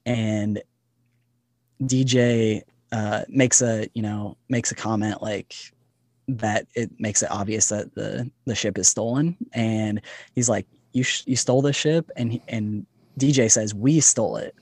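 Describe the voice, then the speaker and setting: A man's voice: fairly low pitch, steady tone, measured pace, darkish tone, dry recording. Enthusiastic man chatting on a podcast. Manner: enthusiastic, chatty, laughs often. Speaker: podcast guest. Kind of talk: casual podcast chat.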